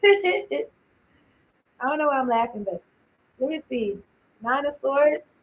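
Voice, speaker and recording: A woman's voice: high-pitched, animated, slow, slight background noise, rough recording. A woman giving a casual tarot reading, thinking aloud, blunt and informal, often trailing off. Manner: blunt and informal, with slang and swearing. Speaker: tarot card reader.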